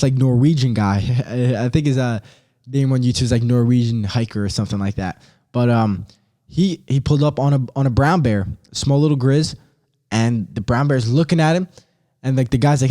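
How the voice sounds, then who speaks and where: A young man hosting a podcast, telling stories in an excitable, slangy, animated way. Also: mid-range voice. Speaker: podcast host. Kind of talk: casual solo podcast chat.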